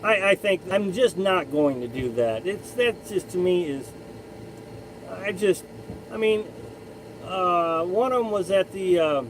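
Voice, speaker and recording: A man's voice: high-pitched, expressive, measured pace, background noise. A man hosting a casual live stream, chatting in a rambling way and often restarting his sentences. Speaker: live stream host reading chat.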